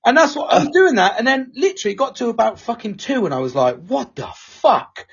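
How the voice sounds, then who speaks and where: A man's voice: extremely high pitch, wildly swooping pitch, fast talker, highs cut off, over a noisy crowd. A man co-hosting a casual podcast chat, rambling and swearing freely, with a tension headache. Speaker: podcast co-host.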